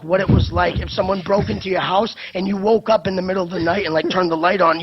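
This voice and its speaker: A young man co-hosting a casual gaming podcast, telling stories excitedly with lots of swearing and filler words. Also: sits high, highs cut off. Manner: excitable storyteller, swears a lot, many fillers. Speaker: podcast co-host.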